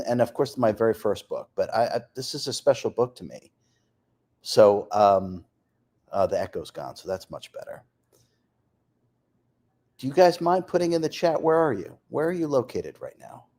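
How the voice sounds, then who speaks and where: A man hosts a casual live stream, greeting viewers and reading their messages aloud. His voice sits in a middle pitch but jumps around a lot as he talks. He laughs easily between remarks. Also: normal speed. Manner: lively, reads off places and names, laughs often. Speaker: author hosting a live stream.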